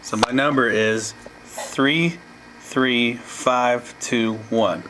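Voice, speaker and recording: Slow-talking man explaining step by step. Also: medium pitch, noisy background. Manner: slow, plain explaining with asides. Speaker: teacher. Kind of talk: step-by-step tutorial.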